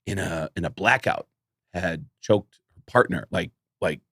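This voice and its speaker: A man's voice: sits low, unhurried, sharp tone, breathy edge, dry recording, studio quality. A man, a comedian guest, telling a long story in casual podcast talk and acting out the quoted dialogue.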